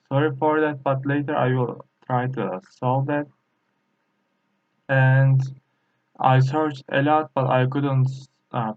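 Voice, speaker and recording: A man whose first language is Turkish, teaching a Chinese lesson in slow, halting English full of fillers. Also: mid-range voice, phone-quality sound. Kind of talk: screen-recorded language lesson.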